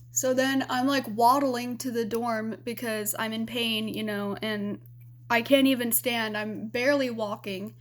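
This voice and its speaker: A woman's voice: on the high side, little pitch movement, a little slow. A young adult woman vlogging, telling a personal story in a candid, rambling way with lots of fillers.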